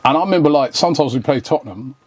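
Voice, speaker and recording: A man's voice: on the high side, animated, rapid-fire, darkish tone, slightly rough, dry recording. A man telling a story in casual chat, acting out quoted lines in slangy talk. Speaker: podcast guest.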